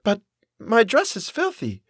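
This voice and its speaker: A man's voice: high voice, wildly swooping pitch, a little slow, a bit bright, husky, no room sound, clean studio sound, voice pushed up, exaggerated voice. A man doing a timid young woman. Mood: hesitant. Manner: small, hesitant.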